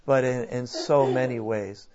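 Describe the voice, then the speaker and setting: Male guest speaker, lively and rambling, on a muffled, lo-fi recording. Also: mid-range voice, a little slow. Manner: animated, restarts often, laughs. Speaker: guest speaker on church and culture. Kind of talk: conversational discussion. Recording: dull lo-fi sound.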